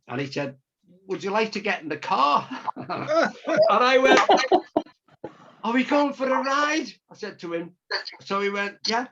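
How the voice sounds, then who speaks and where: On a dull, lo-fi video call, a man with a high, pushed, bright voice spins a long, chatty tale. He's an illustrator and storyteller, voicing each person in the anecdote himself.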